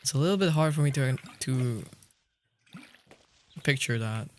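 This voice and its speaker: A man's voice: medium pitch, lively intonation, unhurried, a little hiss or hum. Chatty young man streaming games. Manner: rambling, laughs often, chatty with viewers. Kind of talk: casual livestream chat while gaming. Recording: faint background music.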